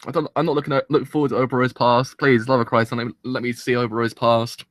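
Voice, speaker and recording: A man's voice: medium pitch, level tone, fast talker, no room sound, studio quality. A man hosting a live anime reaction, tearful and emotional, rambling and swearing mildly as he talks. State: tearful, crying. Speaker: anime reaction channel host.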